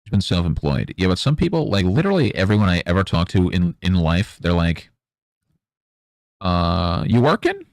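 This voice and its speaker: A man's voice: lively intonation, quick pace, hardly any pauses, darkish tone, no echo. A young man streaming while painting, talking in a rambling, sarcastic way into a close mic. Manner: rambling, sarcastic, mocks imagined interviewers in high voices. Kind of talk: casual chat while painting.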